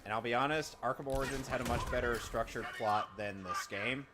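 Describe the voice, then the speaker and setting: Gamer dude rambling excitedly while playing, noisy home setup. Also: male voice, mid-range voice, a little fast. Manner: excitable, rambling, lots of restarts. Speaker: let's play host. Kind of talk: casual gameplay chat.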